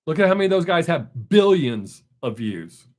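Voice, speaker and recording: A man's voice: fairly high pitch, very animated, moderate pace. A man hosting a casual live stream, answering viewer comments in a blunt, opinionated way.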